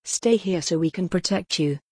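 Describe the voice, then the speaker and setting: A man's voice: high voice, normal speed, a little mellow, breathy edge, no room sound, clean studio sound. A woman voicing an earnest, insistent old cult elder in an audiobook.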